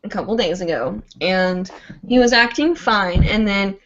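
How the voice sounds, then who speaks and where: A woman's voice: medium pitch, a little slow, fairly bright tone. A woman hosting a live online show, chatting casually and rambling with lots of "like" and "um". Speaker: host of a live hooping show. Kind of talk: casual livestream chat. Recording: dull lo-fi livestream audio.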